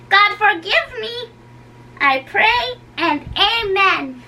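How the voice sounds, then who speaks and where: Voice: extremely high pitch, expressive, drawn-out words, sharp tone, distant mic, full character voice. A young voice doing a teasing old nurse. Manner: bawdy and teasing, then wailing. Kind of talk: dramatic reading of a play.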